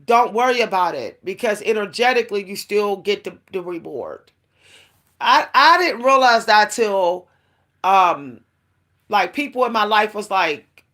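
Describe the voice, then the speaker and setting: A woman's voice: medium pitch, a little slow, fairly bright tone. A woman speaking to her listeners in a casual spiritual monologue, her voice sitting in an ordinary middle range. She rambles in a confiding way, with plenty of fillers and restarts, and laughs now and then as she talks. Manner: confiding, addresses listeners directly. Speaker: spiritual vlogger.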